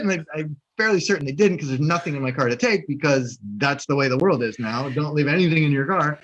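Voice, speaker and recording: A man co-hosting a podcast, telling a story casually, animated and swearing, acting out the voices of people in it. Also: a little high, brisk, low-quality recording. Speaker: podcast co-host.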